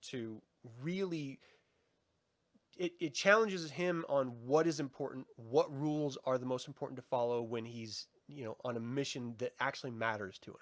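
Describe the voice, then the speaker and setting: A man's voice: mid-range voice, normal speed, dry recording. Chatty man in a dry room. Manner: relaxed, chatty, laughs often, swears casually. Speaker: podcast co-host. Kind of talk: casual review chat.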